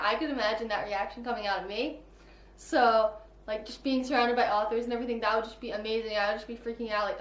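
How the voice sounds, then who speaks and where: High-voiced gushing woman book vlogger. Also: a little fast. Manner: gushing, peppered with "like" and "I really liked". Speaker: book reviewer. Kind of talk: casual book review vlog. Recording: echoey room.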